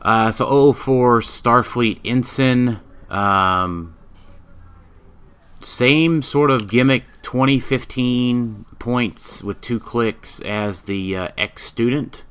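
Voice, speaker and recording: A man co-hosting a podcast, reviewing game pieces in casual chat, halting and full of ums, a bit tired. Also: medium pitch, fairly bright tone, clean tone. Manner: halting, many ums, reads card stats aloud. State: yawning, tired. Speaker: podcast co-host.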